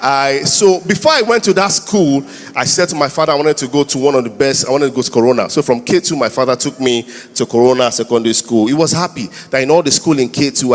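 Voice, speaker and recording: A Nigerian man in his thirties telling comic stories live, urging the crowd to clap and shout. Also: medium pitch. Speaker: comedian. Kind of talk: live stand-up storytelling. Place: church hall. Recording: reverberant hall with faint noise.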